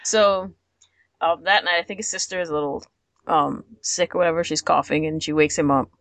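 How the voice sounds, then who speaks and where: A woman's voice: deep voice, steady tone, a little fast, fairly bright tone, no echo. A woman co-hosting a podcast, recapping episodes in casual chat, laughing often and acting out the characters' lines. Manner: chatty, laughs often, acts out quotes. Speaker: podcast co-host.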